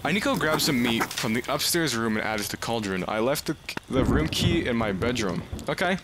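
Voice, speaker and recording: Excitable gamer man, lively pitch. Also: brisk, heavy background noise. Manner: excitable, yelps and shouts at scares; chatty, talks to game characters. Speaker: gaming video creator. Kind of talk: let's play commentary.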